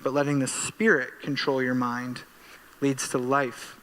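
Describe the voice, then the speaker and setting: A man preaching a church sermon as pastor, animated and self-deprecating, bursting into excitement while telling stories. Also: medium pitch, measured pace, long reverb tail, a little hiss or hum. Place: church sanctuary.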